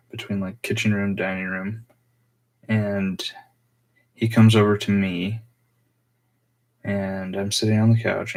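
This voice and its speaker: Gravelly low-voiced man telling a story. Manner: rambling, halting storytelling with many fillers. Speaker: vlogger. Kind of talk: casual storytelling vlog.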